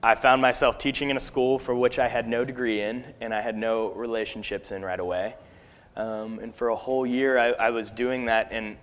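A man delivering a sermon in an earnest, personal tone, often pausing and restarting his sentences. His voice sits in the middle of the male range and carries a long hall reverb. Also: medium pitch, fairly bright tone. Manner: earnest, personal testimony with many fillers and restarts. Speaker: preacher.

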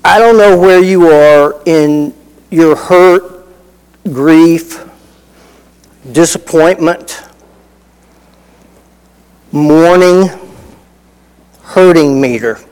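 A man's voice: fairly high pitch, extremely slow, pauses often, darkish tone, smooth, in a large hall, low-quality recording. A middle-aged man preaching a sermon in a folksy, conversational way, telling personal stories with asides. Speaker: pastor.

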